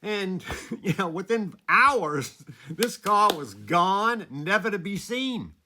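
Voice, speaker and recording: Guy, animated storyteller, bright forceful voice a bit high, chuckles between lines. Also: slow pace, a little hiss or hum. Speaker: former teacher telling a story. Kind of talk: casual spoken storytelling.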